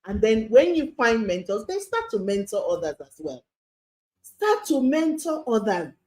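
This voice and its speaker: A middle-aged woman, teaching a parenting course in a lively, spontaneous lecture. She repeats her points and asks rhetorical questions. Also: fairly high pitch, measured pace.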